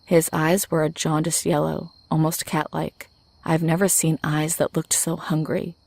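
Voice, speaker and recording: A woman reads a first-person horror story in a low, even voice with a gravelly edge. Her telling is measured and steady, recorded dry and close. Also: no room sound. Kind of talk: scripted first-person narration.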